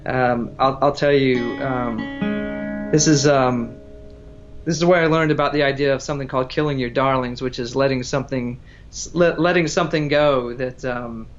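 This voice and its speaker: A man's voice: medium pitch, fairly even intonation, moderate pace, dull audio, soft background music. A man chatting casually as a guest musician, telling a story in a rambling, self-interrupting way. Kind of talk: casual livestream chat between songs.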